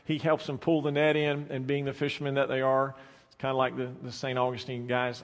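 A man preaching a sermon as pastor, swinging between soft, drawn-out phrases and loud, emphatic bursts. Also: mid-range voice, completely flat delivery. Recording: long reverb of a large hall.

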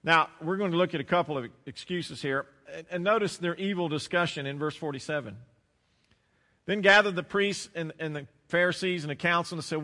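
A man pastor preaching a sermon, praying and then expounding scripture with rising emphasis and dramatic pauses. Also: on the high side, sharp tone, in a large hall.

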